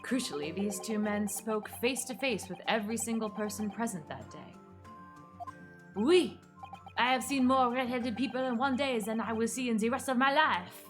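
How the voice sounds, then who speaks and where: A woman voicing a smug, scheming male French swindler with a put-on French accent, speaking in a theatrical, drawn-out way. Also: on the high side, faint music behind, lightly acted. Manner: theatrical, drawn-out, self-satisfied. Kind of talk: reading game dialogue aloud on stream.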